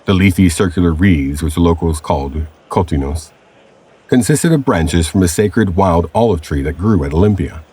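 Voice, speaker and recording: A man narrating a scripted audio adventure story in a measured storytelling manner. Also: low-pitched, warm tone, breathy edge.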